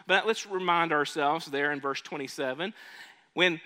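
A male pastor preaching a sermon, often asking the congregation questions and shifting his loudness. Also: a little high, steady tone, normal speed. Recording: long reverb of a large hall.

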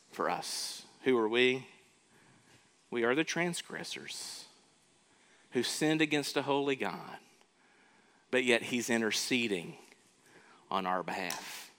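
A male pastor delivers a sermon at an unhurried, deliberate pace, his voice sitting at an ordinary middle pitch. He presses each point with rhetorical questions to the congregation and repeats words as he builds up to them. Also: a bit bright.

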